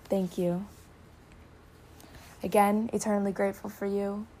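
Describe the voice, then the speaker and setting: A woman guiding a meditation, speaking slowly and softly, often slipping into a whisper. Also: mid-range voice, level tone, slight background noise. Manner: slow, soft-spoken, drifting into whispers; warm spiritual affirmations. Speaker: meditation guide. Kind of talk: guided meditation.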